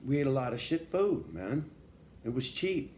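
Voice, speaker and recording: A man's voice: medium pitch, sing-song, normal speed. Guy telling his story, cussing a lot, keeps saying right?, roomy echo. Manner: profane, street slang, frequent "right?". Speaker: vlogger. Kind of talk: casual storytelling monologue. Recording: echoey room with faint background noise.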